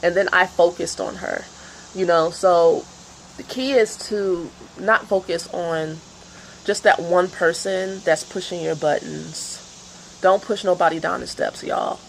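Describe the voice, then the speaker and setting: A woman talks loosely and rambles through an astrology and tarot vlog, full of fillers and asides. Her voice sits on the low side with a gravelly, creaky edge. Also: fairly even intonation, a little slow, slight background noise, poor audio. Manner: rambling, chatty, many fillers. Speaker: tarot reader.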